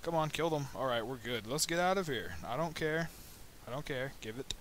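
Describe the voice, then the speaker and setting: Male gamer narrating his own playthrough: rambly, jokey, mid pitch, breaks into excited yelps, cheap mic with faint hiss. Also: normal speed. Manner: rambling and joking, with sudden high excited yelps. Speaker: gameplay commentator. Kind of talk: let's play commentary. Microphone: new budget microphone.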